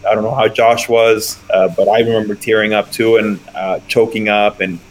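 A man's voice: fairly low pitch, level tone, normal speed, slight background noise, poor audio. A man who plays pro baseball, talking earnestly about his dad in a casual chat. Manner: earnest, reflective.

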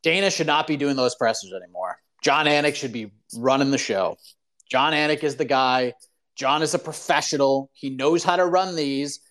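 A man hosting a live call-in show, ranting in an animated, opinionated way full of "like" fillers. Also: medium pitch, normal speed. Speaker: podcast host.

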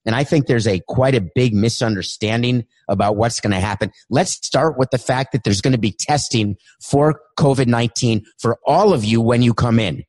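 Guy doing a tired, fed-up league boss, lowish and quiet, losing his grip on the call. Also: normal speed, hardly any pauses, close to an everyday voice. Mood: weary. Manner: exasperated, trying to keep order. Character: weary male league commissioner running a chaotic call. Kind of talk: comedic impression sketch.

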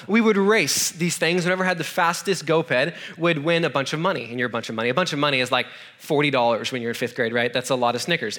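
A young man preaching to a room, telling a funny personal story in a loose, animated way with lots of fillers. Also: a little high. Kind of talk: sermon storytelling. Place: room with an audience.

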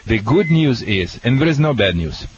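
A man with a Russian accent gives dog-training advice to callers on a call-in radio show, talking in a halting, jokey, excitable way. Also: mid-range voice. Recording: dull lo-fi radio audio with faint hiss.

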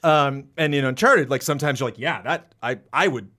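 A man in casual podcast chat, rambling and animated, acting out quotes with sudden jumps into a high voice. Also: fairly quick. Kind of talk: casual podcast chat about video games.

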